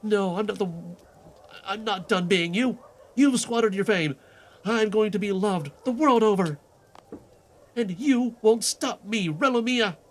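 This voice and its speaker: A man's voice: high voice, a little slow. A man voicing a boastful male impostor who tells grand, made-up adventure stories in a game quest fan voice-over. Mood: bitter. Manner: grandiose, showy storytelling.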